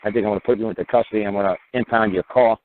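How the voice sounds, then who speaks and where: A blunt male cop, as a radio host puts him on, talks curtly and with sarcasm. The delivery is quick, and the sound is thin, as if over a phone line. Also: fairly low pitch, steady tone, a little hiss or hum, natural voice. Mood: sarcastic. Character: blunt, no-nonsense male police officer. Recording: narrow phone-like radio audio.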